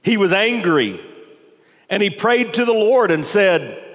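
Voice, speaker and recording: A man's voice: on the high side, lively intonation, unhurried. A male pastor preaching a sermon to his congregation, building intensity with rhetorical questions. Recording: long hall reverb.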